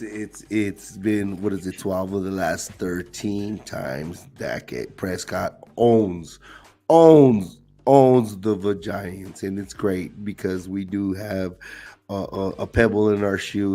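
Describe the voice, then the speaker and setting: Low-voiced fired-up sports podcast man. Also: a little mellow. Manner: fired-up, profane, joking. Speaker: podcast co-host. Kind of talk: casual sports chat.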